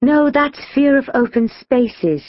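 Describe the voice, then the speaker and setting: Woman doing a bossy, know-it-all schoolgirl: authoritative, measured. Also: mid-range voice, animated, muffled recording, natural voice.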